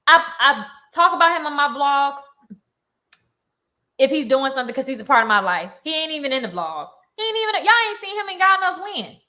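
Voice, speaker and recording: Young woman vlogger, heated live-stream rant, indignant, bright and rather high voice. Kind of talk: ranting to camera on a live stream.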